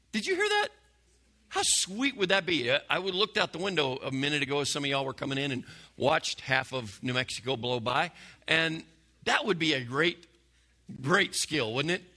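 Gravelly, bright-voiced preacher. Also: male voice, a little high, lively intonation, moderate pace. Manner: folksy, conversational preaching with restarts and dropping to a hush. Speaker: pastor. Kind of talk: sermon.

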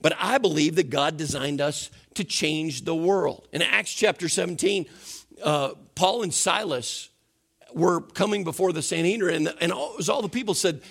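A man preaching a sermon as pastor in a church, animated and asking the congregation questions. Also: on the high side, moderate pace, vocal fry.

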